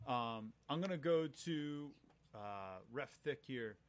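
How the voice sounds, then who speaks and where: A man's voice: mid-range voice, expressive, slow. A man hosting a casual online panel show, giving short affirmations and calling on each guest in turn. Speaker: show host.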